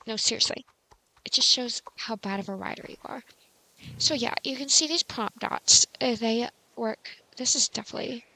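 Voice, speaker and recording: A woman hosting a casual game tutorial, chatty and rambling with many fillers, and quick to mock herself. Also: medium pitch, vocal fry, sharp tone, slight background noise. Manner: self-mocking.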